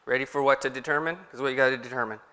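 Bright-voiced pastor in a reverberant hall. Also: male voice, mid-range voice, steady tone, very fast. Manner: conversational, asks the congregation questions. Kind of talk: sermon. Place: church hall.

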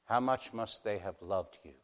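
A man preaching a sermon, moving between hushed, slow passages and loud, impassioned warnings. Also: lowish voice. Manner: dramatic, swings from hushed to impassioned. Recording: long hall reverb.

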